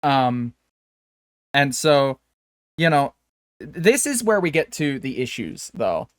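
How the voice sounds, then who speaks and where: A male podcast co-host chats casually, rambling with plenty of fillers and restarts. His medium-pitched voice swings widely in pitch and moves slowly, captured in a dry, studio-quality recording.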